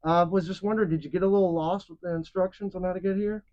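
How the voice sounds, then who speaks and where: A man's voice: sits high, steady tone, quick pace, a little mellow, lo-fi sound. A man hosting a comedy show in character, brash, jokey and profane with his guest. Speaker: host in costume. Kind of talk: comedic skit and interview hosting.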